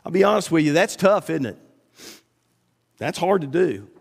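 A middle-aged man preaching a sermon as pastor, emphatic, climbing high when he quotes and slowing down to read scripture. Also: sing-song, gravelly, big-room sound. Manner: emphatic, rises sharply when quoting, slows to read scripture.

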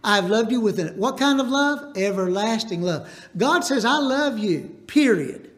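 A man's voice: high-pitched, animated, normal speed. A man preaching a sermon to his congregation, telling folksy, rambling stories and calling for the crowd to answer back. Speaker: Baptist preacher. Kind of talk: storytelling sermon.

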